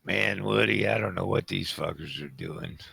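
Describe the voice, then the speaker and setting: A man's voice: low voice, normal speed, creaky, pushed and bright, husky, dry recording. A man chatting casually as a player in a tabletop game, laid-back and swearing now and then.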